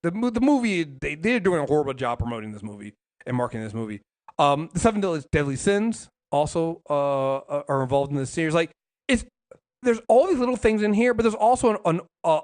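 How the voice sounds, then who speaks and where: Man, podcast co-host, slightly high voice, rambling, many restarts, swears casually. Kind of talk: casual comics podcast chat.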